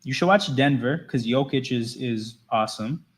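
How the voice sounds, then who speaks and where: A man's voice: medium pitch, moderate pace. Casual male livestream host, loose and chatty, mid-range voice. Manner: loose, chatty, reads and answers chat.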